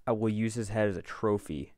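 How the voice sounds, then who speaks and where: A man's voice: lowish voice, a little fast, dry recording. Jumpy man voicing a game playthrough. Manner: jumpy, swings between panicked yelling and calm remarks. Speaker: gaming video creator. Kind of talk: let's play commentary.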